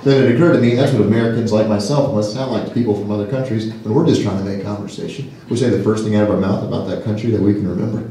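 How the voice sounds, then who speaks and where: Self-mocking comedian in an echoey hall. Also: male voice, rapid-fire, hardly any pauses, warm tone, a little hiss or hum. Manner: self-deprecating, with sudden high-pitched silly voices for quoted characters. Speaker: stand-up comedian. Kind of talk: stand-up comedy set. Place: large hall with a live audience. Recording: echoey hall from afar, crowd laughter.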